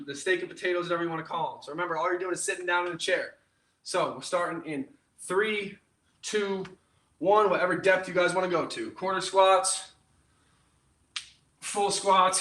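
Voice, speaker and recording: Cheerfully counting down reps and joking throughout, a young fitness instructor runs a live home workout class in a high-sitting, pushed, bright voice. The room is echoey and he's far from the mic.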